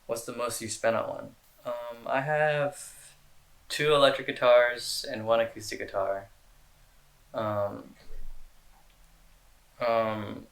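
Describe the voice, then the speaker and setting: A man's voice: mid-range voice, reverberant. A young man answering fan questions in a casual, rambling chat, full of slang and fillers. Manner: laid-back, rambling, slangy with lots of "dude" and "like".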